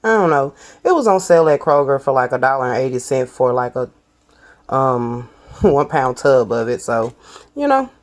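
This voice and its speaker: A woman's voice: extremely low pitch, big pitch swings, moderate pace. Lady doing a cooking vlog, chatty, keeps saying y'all. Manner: chatty, addresses viewers as y'all. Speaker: cooking vlogger.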